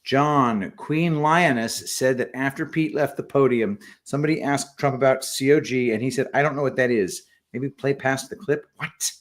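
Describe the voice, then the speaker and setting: A man co-hosting a casual livestream, reading viewer messages aloud and adding quick remarks. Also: mid-range voice. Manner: reads super chats aloud with quick asides. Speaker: co-host reading donor messages.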